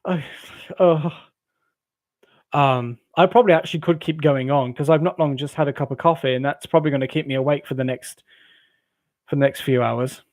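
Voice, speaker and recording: A man's voice: fairly high pitch, steady tone, brisk, pauses often, darkish tone, no room sound. A jovial English man hosting a late-night live stream, reading viewers' chat comments and rambling with frequent laughs. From England. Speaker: livestream host. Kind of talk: casual chat with live chat readers.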